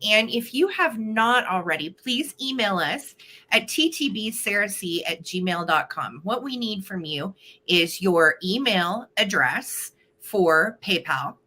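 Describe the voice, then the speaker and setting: Bright, bubbly woman hosting a live stream. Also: medium pitch, animated, slow. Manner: bubbly, giggly, chatty. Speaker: host of a live vintage sale stream. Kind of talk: casual live-stream chat. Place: at home.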